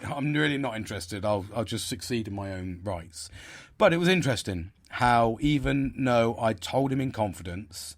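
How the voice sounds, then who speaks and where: A man's voice: mid-range voice, lively intonation, normal speed. A man hosting a podcast, talking in a rambling, frustrated way with many restarts and fillers. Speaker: podcast host. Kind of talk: casual monologue.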